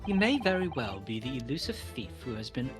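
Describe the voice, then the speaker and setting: A woman's voice: very deep voice, big pitch swings, fairly quick. A woman voicing a pompous, eccentric male detective in a put-on British accent, over game music. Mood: grandiose. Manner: theatrical, grandiose.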